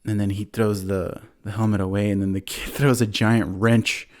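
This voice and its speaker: Male podcast host with a lowish voice who recaps films in a loose, filler-heavy ramble. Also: little pitch movement, moderate pace. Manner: rambling, many fillers, acts out quotes. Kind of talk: casual movie recap.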